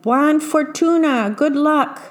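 A woman's voice: a little high, fairly even intonation, moderate pace, lightly acted. A woman voicing a kindly old grandmother witch who talks in a motherly way. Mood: soothing.

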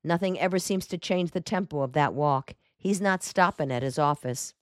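A woman voicing a quick-witted young female secretary in an audiobook, lifting her voice a little above her narration. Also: low voice, no room sound, studio quality, close to an everyday voice. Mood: urgent.

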